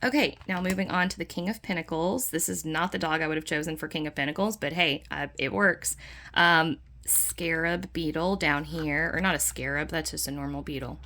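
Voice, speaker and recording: A woman's voice: low-pitched, moderate pace, sharp tone, slight background noise. A woman chatting her way through a tarot deck, enthusiastic and full of fillers. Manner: puts on playful dog voices in quotes. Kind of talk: casual deck flip-through.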